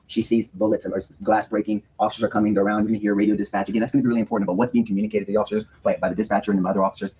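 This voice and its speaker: Speaking as a defense attorney, a man with a lowish, slightly mellow and rough voice gives an earnest opening statement to a jury. He often repeats words as he restarts his sentences, and the recording is rough.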